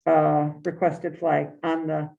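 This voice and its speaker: Woman running a meeting, kinda halting with lots of ums, lowish voice, muffled recording. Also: flat delivery, creaky. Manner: halting, lots of fillers, walking through options. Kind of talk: meeting discussion.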